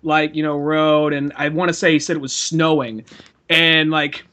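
A man's voice: a little high, little pitch movement, moderate pace, pushed and bright. A man co-hosting a podcast, telling rambling stories in casual chat, swearing freely and laughing often. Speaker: podcast co-host.

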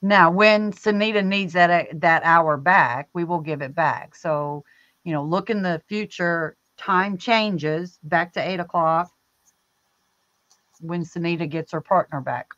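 A woman's voice: on the low side, slow pace, a bit bright, no echo, muffled recording. A woman co-hosting a livestream, chatting casually, teasing and often laughing. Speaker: livestream co-host. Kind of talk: casual chat.

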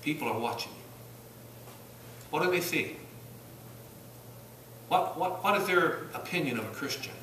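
Animated Southern preacher in an echoey church. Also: male voice, fairly high pitch, measured pace, pauses often, slight background noise. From Virginia. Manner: emphatic, rising and falling, rhetorical questions to the congregation. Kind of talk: sermon. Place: church sanctuary. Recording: roomy church recording from some distance.

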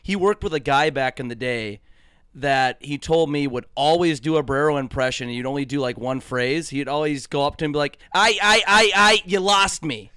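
A man's voice: mid-range voice, fairly quick, clear, resonant tone, no echo. A man co-hosting a podcast, eagerly telling a story and asking questions. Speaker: podcast co-host. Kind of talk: casual podcast chat.

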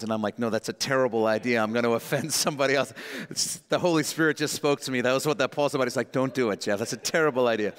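A man preaching a sermon as pastor, animated and acting out quotes in little voices. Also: medium pitch. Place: church sanctuary. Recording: long reverb of a church hall.

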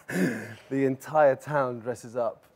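Welsh man, mid-pitched voice, guest on a talk show, laughs a lot, stumbles and restarts. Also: very slow, a little mellow, husky. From Wales. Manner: laughs easily, some stammering restarts. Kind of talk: casual chat.

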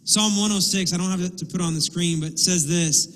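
Male pastor, high voice, animated sermon delivery, long church-hall reverb. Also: a little fast, hardly any pauses. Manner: animated, acts out quotes and asides. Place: church sanctuary.

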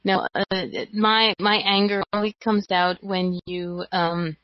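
Soft-spoken woman, chatty and hesitant. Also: mid-range voice, flat delivery, slow pace, dry recording. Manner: hesitant, with fillers and laughs. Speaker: co-host. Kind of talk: casual chat. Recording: dry, dull lo-fi sound.

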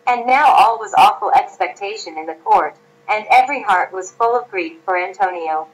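Woman, audiobook narrator, steady storybook reading, mid-pitched voice. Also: normal speed, dull audio.

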